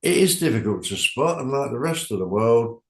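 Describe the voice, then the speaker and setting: A man's voice: medium pitch, animated, normal speed, gravelly. An older man chatting casually about UFO stories, rambling and trailing off into asides. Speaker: club organizer, guest. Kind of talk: casual chat. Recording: echoey room.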